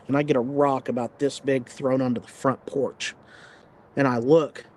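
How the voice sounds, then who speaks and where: A man guesting on a podcast, telling a personal story in a blunt, plain-spoken, rambling way full of fillers. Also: mid-range voice. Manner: rambling, filler-heavy retelling. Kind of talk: casual storytelling.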